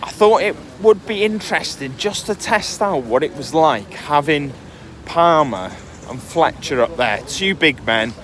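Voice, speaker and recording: A man's voice: fairly high pitch, animated, unhurried, fairly bright tone, a little hiss or hum. A man co-hosting a podcast, chatting casually about football with lots of ums, recorded outdoors on the move. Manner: chatty, hesitant with frequent ums. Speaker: podcast co-host.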